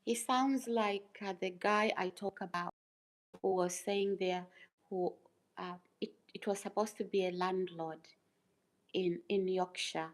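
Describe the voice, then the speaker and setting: A woman's voice: mid-range voice, steady tone, measured pace, poor audio. A woman hosting her own livestream, speaking casually and emphatically to her chat, repeating phrases and asking rhetorical questions. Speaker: YouTuber livestream host.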